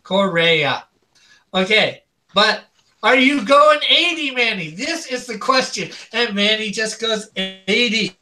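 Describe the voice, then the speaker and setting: A man's voice: high voice, a little slow, sharp tone. A man hosting a live-streamed art auction, calling out bids over and over and chuckling between calls. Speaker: auction host.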